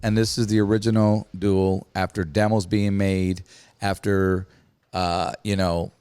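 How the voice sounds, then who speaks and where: A man hosting a podcast who reminisces in a lively, hyped-up way and speaks straight to the viewers. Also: deep voice, a little slow, smooth, no room sound. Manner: animated, hype, talks to viewers. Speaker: podcast host. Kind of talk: casual podcast chat.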